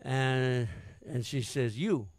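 A man's voice: medium pitch, moderate pace, darkish tone, no echo. A man, a singer-songwriter, telling a story between songs in a rambling, hesitant way with many fillers.

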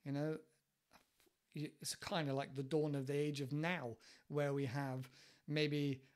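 A man's voice: fairly high pitch, level tone, slow pace, a little mellow. A man with a British accent hosting a podcast, talking casually and thinking aloud, with frequent fillers and restarts. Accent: British English. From United Kingdom. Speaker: podcast host. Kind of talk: casual solo podcast talk.

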